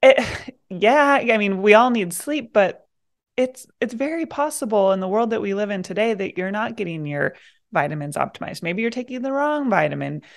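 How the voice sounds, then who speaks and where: A woman's voice: medium pitch, lively intonation, moderate pace, vocal fry. A woman guest, a naturopath, speaking emphatically and with conviction in a casual conversation.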